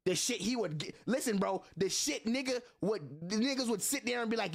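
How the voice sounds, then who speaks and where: A man's voice: high voice, animated, a little fast, gravelly, few pauses. A man streaming, telling a story to his chat in an earnest, blunt way with heavy slang and a lot of repetition.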